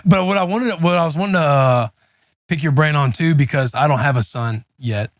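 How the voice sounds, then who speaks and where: A man's voice: fairly high pitch, a little fast, dry recording. Reflective male podcast host, dry sound. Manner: thinking aloud, rambling and reflective. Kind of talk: casual conversational chat.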